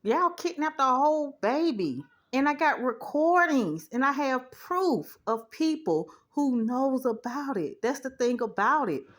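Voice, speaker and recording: Indignant woman telling a story, higher voice. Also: measured pace, hardly any pauses. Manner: indignant, animated retelling with quoted dialogue. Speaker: vlogger. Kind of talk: casual storytelling to camera. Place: home, doing laundry.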